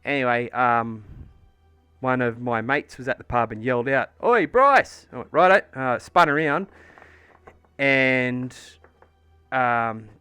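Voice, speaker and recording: A man's voice: medium pitch, fairly even intonation, slow, pushed and bright, clear, resonant tone, dry recording, faint music behind. An Australian man livestreaming from home, chatting casually and rambling through a story with plenty of swearing and fillers. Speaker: livestreamer painting miniatures. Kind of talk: casual chat while painting on stream.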